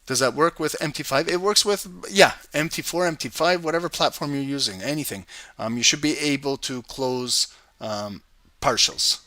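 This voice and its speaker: Bright-voiced man hosting live trading. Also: medium pitch, normal speed, no room sound. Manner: energetic, swears and laughs, talks to chat by name. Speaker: trading livestream host.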